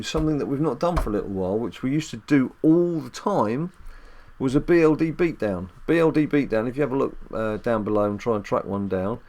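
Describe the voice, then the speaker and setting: A man hosting a casual mobile game let's-play at home, chatty and rambling with jokes and filler ums. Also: mid-range voice. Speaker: dad gaming channel host.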